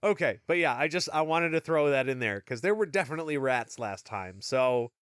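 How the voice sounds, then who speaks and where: Joking male podcast host, chatty plot recaps; lively, expressive pitch. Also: a little fast, smooth, no room sound, clean studio sound. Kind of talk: casual book discussion and recap.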